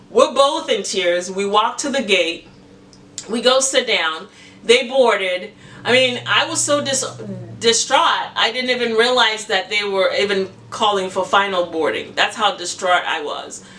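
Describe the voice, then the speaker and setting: Middle-aged woman vlogging, bright voice, upset and indignant retelling, sounds a little far off with faint noise. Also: on the high side. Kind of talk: personal story to camera.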